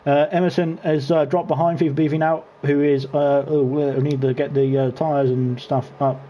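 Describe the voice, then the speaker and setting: A man's voice: a little high, normal speed, lo-fi sound. A British man hosting an online racing league, chatting and teasing the drivers while he commentates from a home gaming setup. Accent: British English. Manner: chatty, teasing, lively when racing action picks up. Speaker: league race host and commentator. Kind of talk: casual sim-racing stream commentary.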